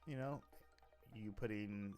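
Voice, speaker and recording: Speaking slowly in a fairly low, slightly mellow voice, a man on a casual livestream talks about running his role-play server. Soft music plays behind him, and his rambling is full of restarts and self-corrections.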